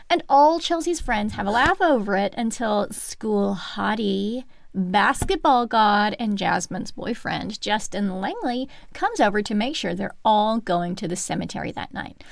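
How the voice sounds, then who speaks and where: A woman's voice: fairly high pitch, expressive, normal speed, creaky, dry recording. A woman co-hosting a casual book podcast, recapping the plot playfully with whispered asides. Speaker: podcast co-host.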